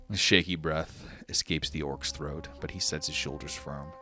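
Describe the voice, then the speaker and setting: A man narrating a tabletop game as game master in a dramatic, measured way. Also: extremely low pitch, fairly even intonation, pushed and bright, faint music behind.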